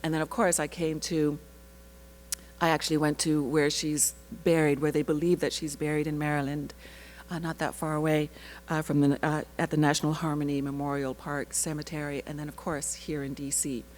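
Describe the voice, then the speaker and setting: An actress telling an animated personal story at a panel, laughing often and breaking off into asides. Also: female voice, low-pitched, moderate pace, slight background noise, low-quality recording. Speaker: actress sharing her research story.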